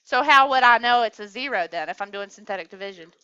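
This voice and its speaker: A woman's voice: fairly high pitch, animated, quick pace, sharp tone, clean tone, muffled recording. A woman teaching a math class, coaxing students along with questions in a classroom lecture.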